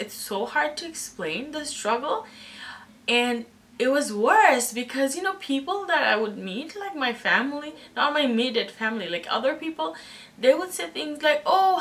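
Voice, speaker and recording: A young woman talks candidly through a personal storytime, her voice clear and bright, pitched a little high. She pauses and falters when the story turns emotional. The mic sits a bit away from her. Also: distant mic. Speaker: vlogger.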